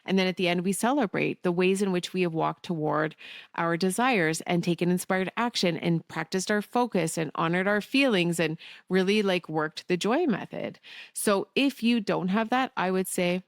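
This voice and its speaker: Low gravelly woman, candid podcast host. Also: no room sound, clean studio sound. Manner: candid, swears casually, laughs often. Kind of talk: solo podcast monologue.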